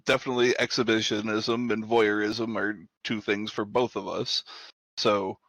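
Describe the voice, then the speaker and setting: A man's voice: lowish voice, level tone, moderate pace, a bit bright, dry recording, poor audio. A man co-hosting a talk show, speaking in a plain, matter-of-fact way. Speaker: co-host. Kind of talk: casual chat.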